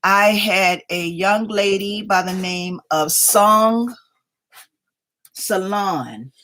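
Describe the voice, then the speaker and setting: A woman's voice: mid-range voice, drawn-out words, sharp tone. A woman hosting a casual craft livestream from home, greeting viewers by name as they join and chatting along, a little sleepy. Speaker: craft channel host.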